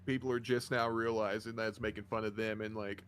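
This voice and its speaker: A young man co-hosting a podcast in casual chat, easygoing and quick to laugh. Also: on the low side, little pitch movement, a bit bright, a little hiss or hum. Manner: laughs often, easygoing agreement. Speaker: podcast co-host.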